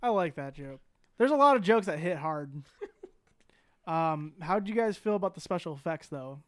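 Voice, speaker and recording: A man co-hosting a podcast in casual chat, an animated storyteller who swears casually. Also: fairly high pitch, normal speed, dry recording. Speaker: podcast co-host.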